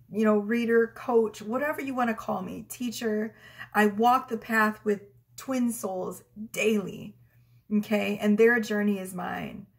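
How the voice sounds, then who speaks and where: A woman's voice: medium pitch, creaky. A middle-aged woman, a tarot reader, chatting casually to her viewers, giggling often and acting out her clients' lines in small voices. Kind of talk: casual spiritual storytelling to camera.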